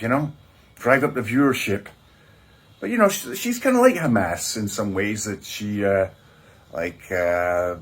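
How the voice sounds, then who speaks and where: A man with a husky, slightly breathy voice at a middling pitch delivers a deadpan satirical film review. His talk rambles and stays sardonic and self-mocking.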